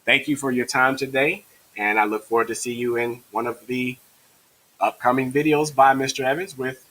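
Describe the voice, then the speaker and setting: A man's voice: mid-range voice, fairly even intonation, moderate pace, fairly bright tone, poor audio. A man who teaches math, explaining a division method step by step in an encouraging way. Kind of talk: tutorial lesson.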